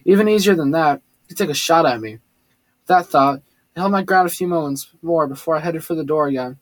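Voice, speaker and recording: A man reading a first-person story aloud, steady with occasional slips and restarts. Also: on the high side, brisk, no room sound. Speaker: audiobook narrator. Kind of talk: first-person audiobook narration.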